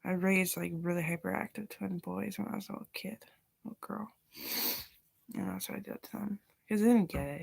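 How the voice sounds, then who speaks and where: A young woman rambling in a casual vlog, swearing often and drifting between loud talk and whispers. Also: on the low side, moderate pace, vocal fry, husky.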